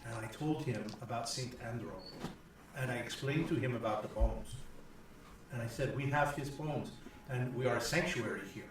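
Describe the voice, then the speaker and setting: A man voicing a kindly older male village priest, gentle, earnest and halting. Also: mid-range voice, noisy background, lightly acted. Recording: echoey room from far off.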